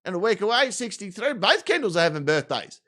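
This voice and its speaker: Profane Australian man, high voice. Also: sing-song, a little fast, fairly bright tone. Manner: profane, rambling, jokey. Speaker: live stream host. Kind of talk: casual live-stream chat.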